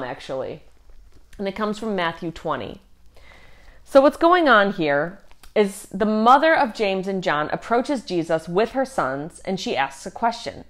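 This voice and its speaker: Woman teaching a youth group, earnest and chatty, reads scripture out loud. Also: mid-range voice.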